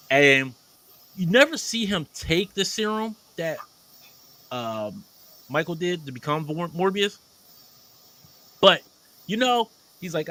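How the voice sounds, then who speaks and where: A man's voice: fairly high pitch, lively intonation, slow pace, long pauses, bright, forceful tone. A man casually retelling a movie plot as a podcast co-host, acting out the characters' lines as he goes.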